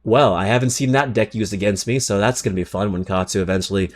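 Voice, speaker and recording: A man's voice: lowish voice, fast. A man streaming live who chats casually with his viewers, swears freely, and reads game card text aloud. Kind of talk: casual livestream chat.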